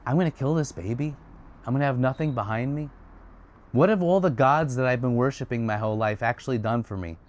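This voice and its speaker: A man's voice: mid-range voice, fairly quick, muffled recording, close to an everyday voice. A man voicing a troubled father and general. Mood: doubting. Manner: earnest, searching, talks in questions.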